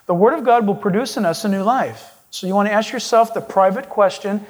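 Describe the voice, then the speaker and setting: A male pastor preaching a sermon in an emphatic way, swinging his pitch for stress. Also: fairly quick, few pauses.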